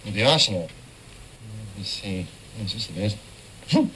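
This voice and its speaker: A man's voice: lowish voice, big pitch swings, normal speed, pushed and bright, a little hiss or hum, poor audio. A man playing a quirky, theatrical police inspector in a 1930s film, with a clipped, fussy delivery. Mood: brisk wry. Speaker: film actor.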